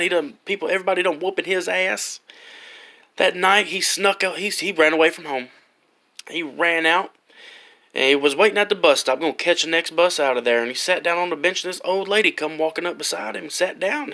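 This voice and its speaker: A man with a high, bright voice telling a dirty joke. He rambles and swears freely, piling on crude detail as the story builds. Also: creaky. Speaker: joke teller.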